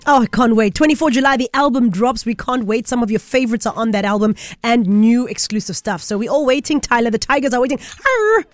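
Upbeat woman presenter, slightly high, dry studio sound. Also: quick pace, few pauses, no room sound, soft background music. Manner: playful, chatty, teasing. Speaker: radio host.

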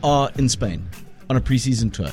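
A man presenting a sports wrap on a radio show, explaining results in a relaxed, chatty way. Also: mid-range voice, normal speed, soft background music. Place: radio studio.

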